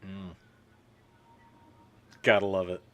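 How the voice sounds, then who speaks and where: A man's voice: sits low, level tone, slow. A man chatting casually on a live stream as co-host, dropping dry quips.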